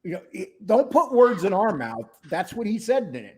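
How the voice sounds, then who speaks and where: A man's voice: sits high, very animated, normal speed, husky. A man co-hosting a casual livestream chat, crude and rambling, joking with his partner. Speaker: co-host.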